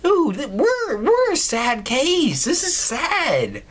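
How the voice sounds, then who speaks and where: A man hosting a gaming channel, doing loud, profane let's play commentary with lots of incredulous outbursts. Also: very high voice, wildly swooping pitch, slow, hardly any pauses. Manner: loud, swearing, incredulous, laughs a lot.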